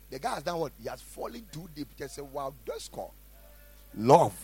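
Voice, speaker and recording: A male pastor delivering a sermon, his voice gravelly and a little raspy. He swings from shouted, emphatic lines to quiet, soft asides. His pitch leaps around lively, a touch high for a man. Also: normal speed, soft background music, poor audio. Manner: preaching with call-and-response questions.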